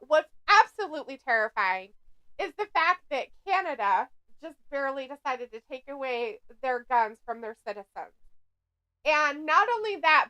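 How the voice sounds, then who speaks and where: Woman, from the United States, high voice, wide swings in pitch, profane, laughs often, casual livestream chat. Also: pushed and bright. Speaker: co-host of a wrestling watch-along stream.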